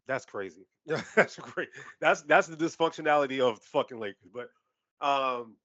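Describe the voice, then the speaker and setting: A man's voice: medium pitch, moderate pace, no echo, lo-fi sound. A man co-hosting a sports podcast, talking casually with lots of swearing and laughter. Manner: animated, profane, laughs often. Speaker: podcast co-host.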